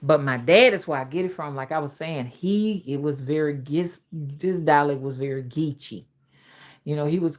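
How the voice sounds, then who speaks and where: A woman's voice: low-pitched, normal speed, a little mellow. A middle-aged woman with an old Southern drawl, chatting casually on a livestream, reading out viewer comments and laughing easily. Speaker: livestream host.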